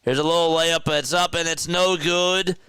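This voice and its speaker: A man's voice: on the high side, fairly even intonation, moderate pace, pushed and bright, clean tone, dry recording. A young man from South Jersey with a South Jersey accent, calling live basketball play-by-play in a chatty way, laughing at his own asides. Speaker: play-by-play commentator.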